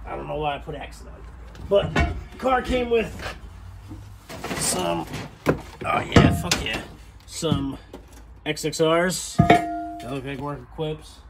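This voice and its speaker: A man's voice: a little high, slow, vocal fry, pauses often, very noisy. A man giving a casual, rambling tour of his car in a small home garage, swearing freely as he talks. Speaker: garage vlogger. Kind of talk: casual walkaround chat.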